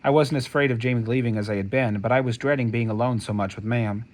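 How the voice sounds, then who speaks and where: A man reading a novel aloud as an audiobook, in steady, measured first-person storytelling. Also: medium pitch. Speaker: audiobook narrator.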